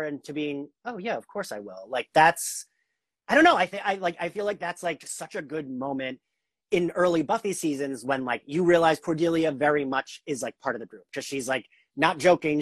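Low-voiced young woman host, rambling with enthusiasm. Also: no echo. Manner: enthusiastic, rambling, heavy use of "like". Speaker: podcast host. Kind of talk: casual interview chat. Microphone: video call.

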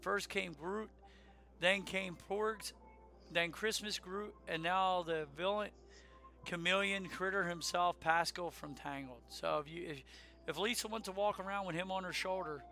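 A middle-aged man with a high, bright and forceful voice, holding forth in a casual podcast chat. He rants with emphatic, animated delivery and keeps calling his co-host by name. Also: unhurried, soft background music.

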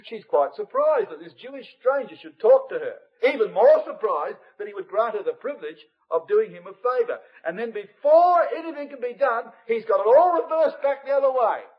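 Lively high-pitched man preaching. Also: moderate pace, few pauses, rough recording. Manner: expository, addresses brethren and sisters, varies loudness widely. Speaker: Bible study speaker. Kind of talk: Bible study sermon.

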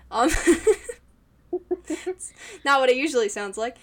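A woman's voice: fairly high pitch, animated, takes it slowly, pauses often, fairly bright tone. A woman co-hosting a podcast, chatting casually in a rambling, giggly way with many restarts. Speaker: podcast co-host. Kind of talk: casual chat.

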